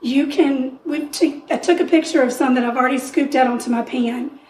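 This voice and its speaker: Woman with a high, strained voice talking through a cookie recipe, off-mic in an echoey room. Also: brisk, darkish tone, distant mic. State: losing her voice. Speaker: podcast co-host baking on the show. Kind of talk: casual chat, explaining a recipe. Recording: echoey room, away from the mic, faint noise.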